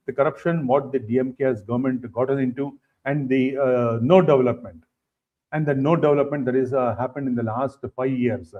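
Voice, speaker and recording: A man with an Indian English accent, a political guest answering interview questions in a halting way, full of fillers and repeated phrases. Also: mid-range voice. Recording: dull lo-fi stream audio.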